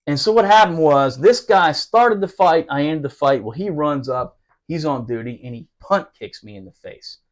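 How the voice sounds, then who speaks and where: A man's voice: a little high, expressive, normal speed. A man telling a rowdy, profane story about his Marine days, laughing as he goes. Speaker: podcast storyteller, former Marine. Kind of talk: casual storytelling.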